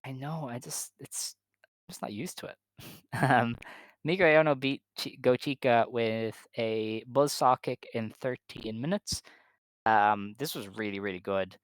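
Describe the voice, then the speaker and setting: A man's voice: medium pitch, a little slow, no room sound. A man co-hosting a casual chat, matter-of-fact as he runs through match results. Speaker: podcast co-host.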